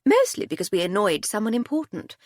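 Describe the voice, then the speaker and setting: A woman's voice: medium pitch, huge pitch swings, brisk, darkish tone, dry recording. A woman narrator voicing a witty, unflappable upper-class lady detective with a dry, breezy manner.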